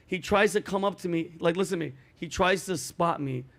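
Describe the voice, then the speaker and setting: A man hosting a comedy chat show, telling stories with animated delivery and acting out voices. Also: high voice, fairly quick. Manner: animated storytelling, acts out voices.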